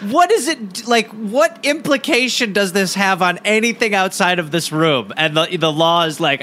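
A man's voice: sits high, lively intonation, normal speed, few pauses, bright, forceful tone. A man co-hosting a comedy podcast, joking loosely and laughing often. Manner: jokey, laughs often, riffs in silly voices. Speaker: podcast co-host. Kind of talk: casual comedic banter.

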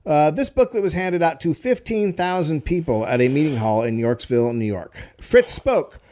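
A man's voice: fairly high pitch, a little fast, mellow. A man hosting a comedy history podcast, reading old texts aloud and breaking off for dry jokey asides.

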